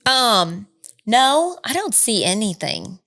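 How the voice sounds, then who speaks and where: A woman's voice: on the high side, sing-song, takes it slowly, pushed and bright. Chatty Southern woman co-hosting a podcast. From Southern United States. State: tired from little sleep. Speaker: podcast co-host. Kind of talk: casual chat.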